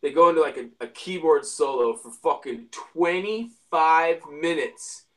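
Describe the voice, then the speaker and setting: A man's voice: on the high side, unhurried. Profane, rambling man telling stories. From Spokane, Washington area. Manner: rambling, profane, animated retelling. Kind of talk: casual storytelling chat.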